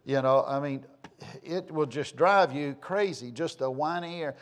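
Folksy preacher, higher-pitched man. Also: unhurried. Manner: folksy, rambling storyteller who repeats phrases for emphasis. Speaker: pastor. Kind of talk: sermon.

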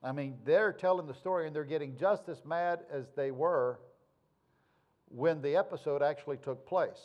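A man's voice: on the high side, normal speed, highs cut off. A male pastor, preaching in a folksy, conversational way with homespun sayings. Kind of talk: sermon.

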